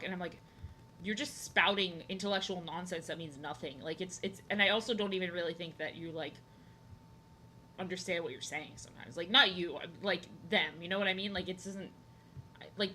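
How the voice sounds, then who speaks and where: Bright-voiced woman rambling casually. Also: on the low side, a little hiss or hum. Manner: rambling, repeats phrases, many fillers. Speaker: art streamer. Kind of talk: casual chat while drawing on stream.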